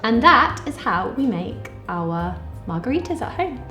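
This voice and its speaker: A woman's voice: a little high, big pitch swings, unhurried, reverberant, music in the background. A woman talking casually through a home cocktail recipe step by step, joking as she goes, in a kitchen. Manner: chatty, jokey, explaining step by step. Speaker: vlogger. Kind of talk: casual cooking demo.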